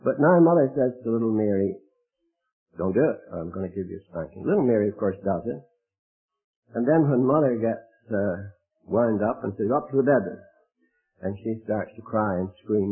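Husky-voiced preacher on tinny radio. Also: male voice, expressive, moderate pace. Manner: emphatic, rising to loud high exclamations. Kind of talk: sermon. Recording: tinny phone-like radio broadcast.

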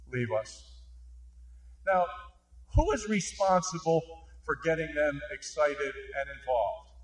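A man with a fairly high voice gives an earnest presentation to an audience. He leans on key points and asks rhetorical questions. He sounds echoey and off-mic, as if recorded from across a meeting hall. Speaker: mission organization speaker. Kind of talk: conference presentation with slides. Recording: echoey room, distant mic.

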